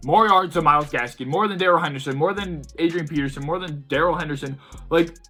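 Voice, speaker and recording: A man's voice: a little high, quick pace, bright, forceful tone, faint music behind. A young man giving a heated, profane sports rant, repeatedly exasperated as he talks. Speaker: sports video host. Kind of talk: ranting sports commentary.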